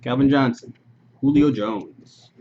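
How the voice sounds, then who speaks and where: A man's voice: medium pitch, slow pace. Man rattling off names on a muffled stream. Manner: rattles off player names, offhand asides. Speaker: card break host. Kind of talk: casual live-stream chat. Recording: muffled stream audio with noise.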